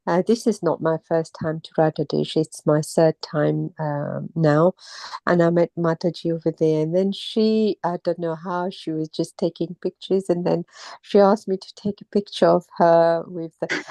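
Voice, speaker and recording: A middle-aged woman from Mauritius, down with a cold and a sore throat, telling her story in a casual, halting way with many pauses and restarts. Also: on the low side, steady tone, vocal fry, warm tone, no echo. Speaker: interviewee, temple visitor. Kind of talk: casual personal account.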